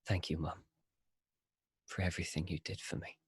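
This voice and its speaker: A man playing a grieving, dutiful young knight's son in a tabletop game, speaking in a tearful, halting way. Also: deep voice, fairly even intonation, husky, no echo. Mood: wounded. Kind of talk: tabletop role-play in character.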